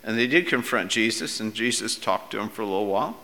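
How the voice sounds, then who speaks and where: A man's voice: on the low side, fast talker, big-room sound. A middle-aged male pastor preaching a sermon in a conversational way, sometimes raising his voice for quoted speech. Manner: conversational preaching, rising to loud acted quotes.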